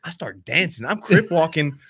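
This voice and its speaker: A man hosting a podcast, spinning rowdy stories full of cursing. His pitch swings widely as he talks. The sound is dry and close, with no room echo. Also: expressive, moderate pace, fairly bright tone, breathy edge. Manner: profane, rowdy storytelling. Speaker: podcast host. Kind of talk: casual chat.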